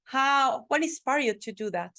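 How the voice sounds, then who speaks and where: A woman's voice: sits high, lively intonation, moderate pace, bright, forceful tone. Effusive woman podcast host, many restarts. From Mexican family, works from the United Kingdom audience side. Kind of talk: casual interview chat.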